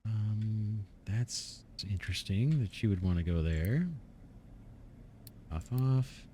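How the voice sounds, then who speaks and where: In a casual gameplay video, a man talks himself through his building, musing and revising as he goes. His voice is on the low side, slow and mellow, slightly worn from losing it, with a touch of hiss or hum.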